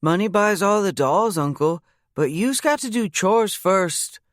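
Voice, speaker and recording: A man voicing an excited little girl with a sing-song drawl. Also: high-pitched, measured pace, dry recording, clean studio sound, pitched above the performer's own voice. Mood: chirpy.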